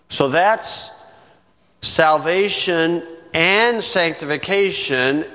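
A man preaching a sermon, teaching verse by verse in a conversational way, with chuckling asides and key words drawn out slowly. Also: a little high, bright, forceful tone. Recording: long reverb from the room.

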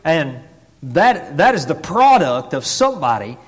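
Lively preacher in echoing church. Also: male voice, on the high side, measured pace, breathy edge. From Tennessee. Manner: swings from hushed asides to shouted exclamations; folksy, many fillers like "I mean" and "boy". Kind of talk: animated storytelling sermon. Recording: long reverb of a big church.

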